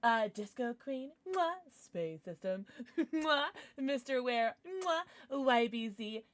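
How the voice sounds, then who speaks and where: A woman's voice: a little high, animated, slow pace. A woman hosting a casual livestream, bubbly and chatty as she greets her viewers by name and blows them kisses. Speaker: livestream host.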